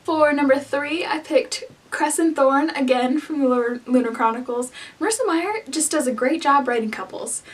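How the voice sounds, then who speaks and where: A woman's voice: sits high, moderate pace, hardly any pauses, far from the mic. A young woman, a book vlogger, chatting casually to the camera in a gushing, rambling way full of "like" fillers.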